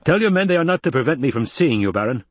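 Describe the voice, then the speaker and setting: A man's voice: medium pitch, expressive, fast talker, no room sound, pitched above the performer's own voice, close to an everyday voice. A man reading an audiobook and voicing an arrogant imperial soldier officer who growls his demands curtly. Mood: arrogant demanding. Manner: growling, curt and forceful.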